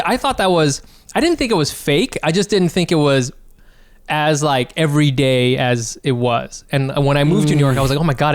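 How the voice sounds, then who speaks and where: A man hosting a comedy podcast, excitable, swearing freely and laughing often in casual chat. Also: mid-range voice, smooth, no room sound.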